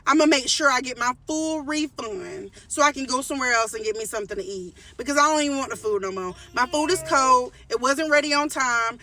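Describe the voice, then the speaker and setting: A woman vlogger talks straight to her viewers in a heated storytime rant. Her voice sits high and rings bright. She hammers her points by repeating them and often restarts her sentences. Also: a little fast, hardly any pauses, far from the mic. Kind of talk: casual storytime rant to camera.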